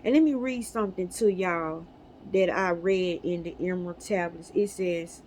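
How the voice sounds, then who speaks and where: A woman's voice: fairly low pitch, moderate pace, darkish tone, slight background noise. Emphatic woman preaching casually to camera. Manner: emphatic, preachy, conversational with laughs. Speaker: spiritual video host. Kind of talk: casual spiritual talk to camera.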